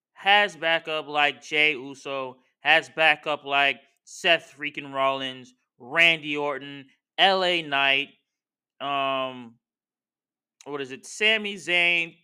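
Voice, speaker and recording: Talking straight at the wrestlers and fans he's discussing, this podcast host goes on a heated, slang-filled rant about wrestling. His voice is on the high side, with a sharp yet clean tone.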